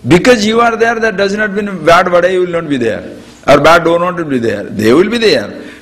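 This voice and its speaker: A man, a spiritual teacher giving a discourse to an audience, animated and chuckling often as he acts out everyday examples. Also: high voice, moderate pace.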